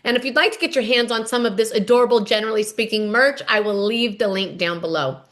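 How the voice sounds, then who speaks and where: Bright-voiced gushing podcast hostess. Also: female voice, a little high, fast talker. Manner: chatty, gushing storyteller. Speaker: podcast host. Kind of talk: reality TV recap monologue.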